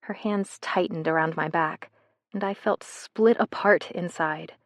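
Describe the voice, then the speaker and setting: A woman reading a first-person romance novel in a soft, intimate way, as scripted narration. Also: on the low side, measured pace, dry recording. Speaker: audiobook narrator.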